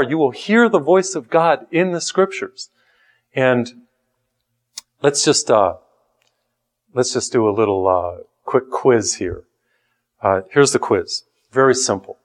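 A man preaching a sermon in an earnest, lively way, lifting his voice on key lines. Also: medium pitch. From Italian heritage.

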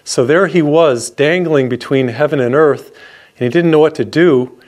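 A man's voice: a little high, normal speed, darkish tone. A middle-aged man, a priest, preaching a radio sermon in an earnest storytelling way, repeating phrases for emphasis.

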